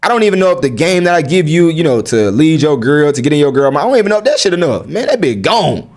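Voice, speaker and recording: Mężczyzna o dość wysokim głosie, bezpośredni i slangowy. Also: male voice, a little high, sing-song, fast talker. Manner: blunt, street slang, rhetorical questions to listeners. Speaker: vlogger. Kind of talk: casual advice monologue to camera.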